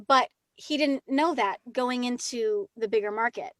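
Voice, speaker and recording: A woman actress talking as a guest in a casual interview, chatty and lively with quick asides. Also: a little high, dry recording.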